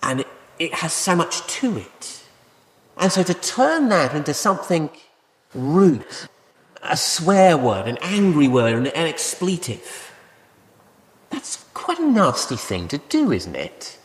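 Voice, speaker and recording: Male preacher, lively, pitched a bit high, conversational sermon full of rhetorical questions, church hall with a long echo. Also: takes it slowly. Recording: echoey hall with long reverb.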